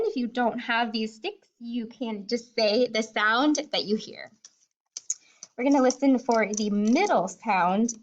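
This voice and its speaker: A woman's voice: a little high, a bit bright, lo-fi sound. A woman teaching kindergarten children a phonics lesson, sounding out words one sound at a time.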